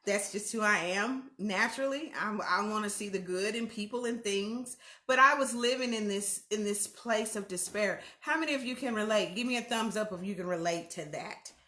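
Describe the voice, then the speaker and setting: A woman hosts a casual livestream, talking frankly and warmly to her viewers as "y'all". Her voice is bright and clear. The room around her is echoey. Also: mid-range voice, moderate pace, few pauses. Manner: candid, chatty, addresses viewers as y'all. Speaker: host.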